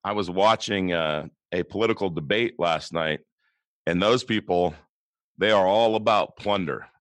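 A man with a low voice and a West Coast American accent chats casually as a podcast co-host. He often leans on rhetorical questions. The sound is dry and close, with no room around it. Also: measured pace, dry recording. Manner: conversational, asks rhetorical questions.

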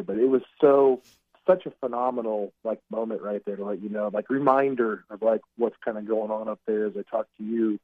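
A man on a phone call, a recruiting analyst chatting casually as a guest and telling rambling, animated stories. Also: on the low side, brisk, no room sound. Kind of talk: casual podcast chat by phone. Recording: dry tinny phone line.

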